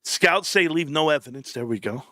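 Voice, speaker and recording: A man's voice: fairly high pitch, lively intonation, normal speed, dry recording, clean studio sound. A man hosting a live stream in casual chat, rambling, joking and swearing a lot. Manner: profane, rambling, joking, laughs loudly.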